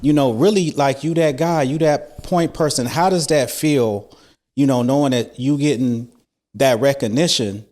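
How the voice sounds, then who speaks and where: A man's voice: mid-range voice, normal speed, darkish tone. Laid-back male co-host asking questions. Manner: laid-back, slangy, leading questions with lots of fillers. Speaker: interview co-host. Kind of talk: casual interview talk.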